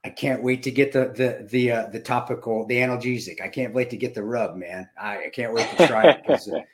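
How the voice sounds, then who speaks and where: A man in his fifties co-hosting a podcast, talking emotionally and haltingly with many restarts. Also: medium pitch. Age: 50s. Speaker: podcast co-host. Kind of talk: casual podcast chat.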